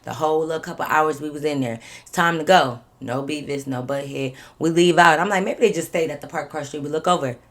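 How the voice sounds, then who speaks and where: A woman vlogger telling a story in casual, animated fashion, swearing freely and acting out what people said. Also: low-pitched, fast. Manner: animated, swears freely, acts out others' lines.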